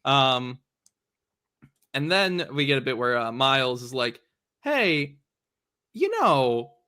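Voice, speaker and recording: A man's voice: mid-range voice, a little slow, pushed and bright, clear, resonant tone. A man hosting a casual chat about comics, laid back and laughing often while he quotes characters. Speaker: host.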